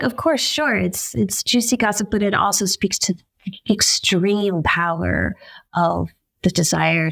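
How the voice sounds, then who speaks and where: A woman journalist, a podcast guest, telling a story in a lively way and acting out the quotes. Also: fairly low pitch, vocal fry, dry recording. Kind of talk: conversational storytelling.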